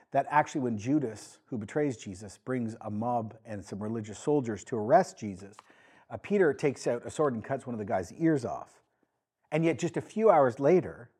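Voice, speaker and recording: A man's voice: mid-range voice, husky. A male pastor preaching a sermon, acting out scripture quotes with rising emphasis. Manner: animated, acts out quoted lines with rising emphasis.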